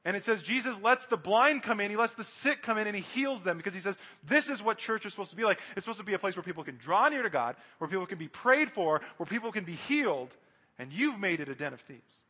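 A man's voice: sits high, big pitch swings, fast talker, bright, forceful tone, husky, long reverb tail. A man preaching a sermon, speaking earnestly and directly to his congregation.

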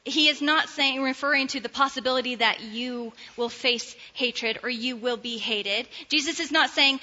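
A woman preaching a sermon, slow and deliberate, reading scripture aloud. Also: sits high, pushed and bright. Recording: dull sound, long hall reverb.

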